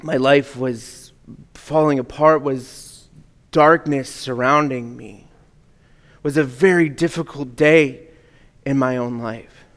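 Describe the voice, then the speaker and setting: Slow, earnest male preacher in a hall. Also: medium pitch, steady tone. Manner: earnest, drops to a hush at key words. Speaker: pastor. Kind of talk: sermon. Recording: long hall reverb.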